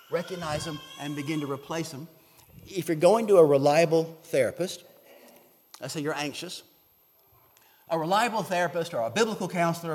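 Man preaching in an echoing hall. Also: a little high. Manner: conversational preaching, asks the listeners "okay?"; swells loudly on scripture quotes. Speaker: pastor. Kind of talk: sermon. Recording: long reverb of a large hall.

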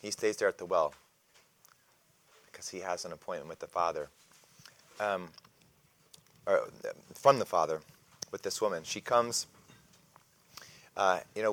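A man teaching a casual Bible lesson, speaking hesitantly with many fillers and restarts and often clearing his throat. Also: low-pitched, measured pace, long pauses, fairly bright tone.

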